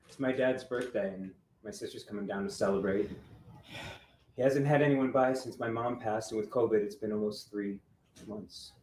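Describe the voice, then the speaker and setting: A man playing an insistent divorced father who is quick to anger, in acted drama dialogue. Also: on the low side, a little mellow, natural voice. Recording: roomy with faint noise.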